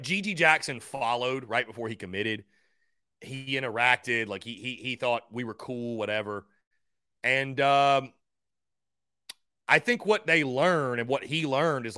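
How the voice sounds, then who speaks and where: A middle-aged man hosts a sports call-in show in a blunt, combative way. His pitch jumps around a lot and his tone is bright and forward. The room sounds dry and close. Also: dry recording. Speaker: sports talk show host. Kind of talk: sports radio talk.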